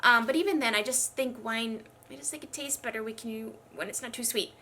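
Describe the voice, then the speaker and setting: A fairly high, slightly fast voice with a bright, forceful tone comes through over slight background noise. It's a young beauty vlogger doing her makeup in a get-ready-with-me chat; she sounds congested, has a bit of difficulty speaking, and rambles chattily while poking fun at herself.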